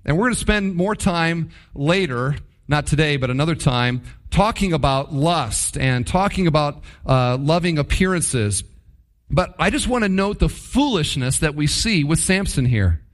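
A man preaching in a voice pitched a little high for a man. He drives his points home with repetition and rhetorical questions, and he is earnest and emphatic. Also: lively intonation, unhurried. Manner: emphatic, repeats key phrases, rhetorical questions. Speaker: pastor. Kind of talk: sermon.

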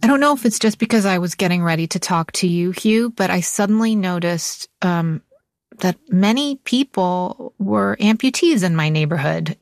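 A woman's voice: on the low side, expressive, moderate pace. A woman hosting an interview, asking curious follow-up questions. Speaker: host.

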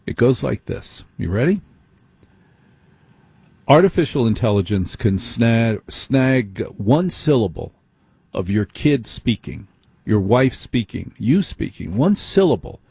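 A man's voice: mid-range voice, sing-song, slow, a little mellow, breathy edge, no room sound, studio quality. A middle-aged man hosting a late-night radio talk show, speaking conversationally and putting direct questions to his listeners.

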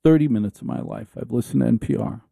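A man's voice: mid-range voice, fast, creaky, dark tone, no room sound, studio quality. A man hosting a radio talk show, ranting comically with sarcasm, restarts and stammers. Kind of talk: comic rant monologue.

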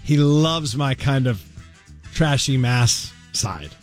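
A man's voice: medium pitch, takes it slowly, soft background music. A man from Massachusetts co-hosting a morning radio show, telling stories in casual, jokey banter. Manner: storytelling, animated, jokey.

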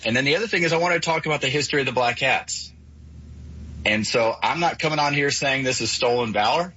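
Raspy bright-voiced male caller. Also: mid-range voice. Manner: explaining at length, earnest, measured. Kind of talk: call-in radio talk. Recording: dull lo-fi call audio.

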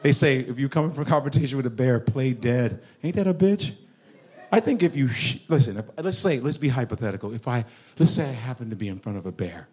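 A man doing a profane stand-up comedy routine, animated, often bursting into shouts. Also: medium pitch, fairly quick.

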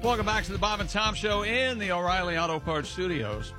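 A man hosting a morning radio comedy show, introducing the crew in an animated, joking manner. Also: high-pitched, fairly quick, over music.

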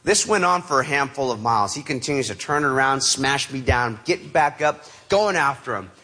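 A man telling a personal story in a lively way, acting out the voices of the people in it. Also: mid-range voice, moderate pace. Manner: animated, acts out quoted voices. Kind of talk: motivational storytelling.

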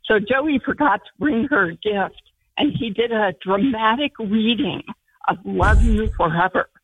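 A woman's voice: mid-range voice, a little slow, slightly rough, dry recording. A woman calling in to a radio show, chatty and giggly. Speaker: caller. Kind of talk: call-in chat. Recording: phone call on air.

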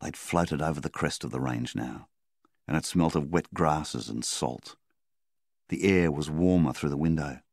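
A man with a very deep voice narrates a story at a calm, measured pace. The recording is close and dry, with no room sound. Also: vocal fry, no echo. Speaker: story reader. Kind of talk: audiobook narration.

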